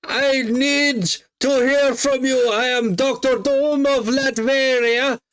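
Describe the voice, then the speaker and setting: A grandiose comic-book villain, pitched high and dragged out slowly, as a man hams it up on a podcast. He is pompous and booming, with a mock-foreign drawl. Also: steady tone, fairly bright tone, clean tone, full character voice. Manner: drawn-out mock-foreign delivery. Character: pompous male supervillain, slow and booming.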